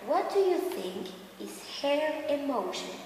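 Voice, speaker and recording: A woman teacher reading a story aloud to a class, slow and animated, with sound cues. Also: high-pitched, a little hiss or hum. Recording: echoey classroom with long reverb.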